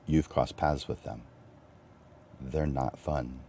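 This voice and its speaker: A very deep, mellow-toned middle-aged man who hosts a livestreamed coaching talk. He is animated and chuckles often, his pitch leaping upward whenever he stresses a point. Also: slow pace, gravelly, breathy edge. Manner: animated, chuckling, swings up for emphasis. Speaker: host and photographer.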